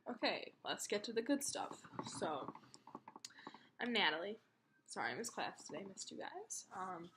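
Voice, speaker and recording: Sick young woman vlogging in a low voice. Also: fairly bright tone, slight background noise. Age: young adult. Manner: chatty, heavy on "like" fillers. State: sick, voice fading in and out. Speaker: college student. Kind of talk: casual vlog on a class book. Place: home kitchen.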